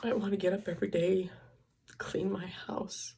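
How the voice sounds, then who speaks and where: A woman's voice: mid-range voice, little pitch movement, moderate pace, creaky, a little mellow, slightly rough. An older woman vlogging, speaking in an emotional, tearful and confiding way as she cries. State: crying. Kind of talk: personal vlog.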